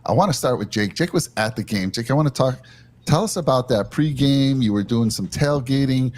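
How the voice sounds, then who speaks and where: A man's voice: mid-range voice, animated, a little fast, darkish tone. A man hosting a live postgame reaction show, upbeat and leading the talk. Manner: upbeat, leads the discussion. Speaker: podcast host.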